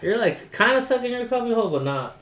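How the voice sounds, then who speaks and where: A man's voice: extremely high pitch, very animated, quick pace. A man co-hosting a podcast in a laid-back, slangy manner. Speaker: podcast co-host. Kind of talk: casual chat. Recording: echoey room with loud music playing.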